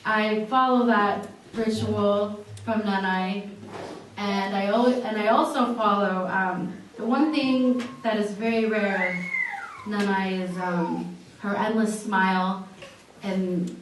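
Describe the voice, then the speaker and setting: A young woman giving a halting eulogy for her grandmother at a memorial viewing, with many fillers and restarts. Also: medium pitch, fairly even intonation. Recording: echoey hall, from far off, faint noise.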